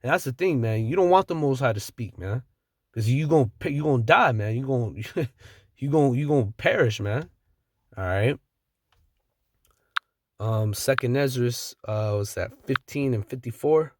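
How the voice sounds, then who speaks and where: A man's voice: mid-range voice, expressive, moderate pace, noisy background. Blunt slangy man preaching scripture. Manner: reads verses then riffs in blunt slang, chuckles. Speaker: street preacher. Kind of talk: scripture-reading sermon.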